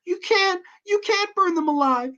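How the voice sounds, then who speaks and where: A man's voice: extremely high pitch, measured pace, sharp tone, muffled recording, pitched above the performer's own voice, heavily acted. A man putting on a whiny, mocking voice for a ditzy young woman in a horror movie. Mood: pleading.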